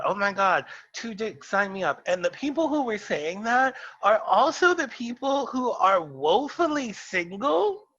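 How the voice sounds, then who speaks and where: A man's voice: sits high, pushed and bright, highs cut off. A man co-hosting a casual podcast chat, ranting in a sassy, emphatic way. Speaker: podcast co-host.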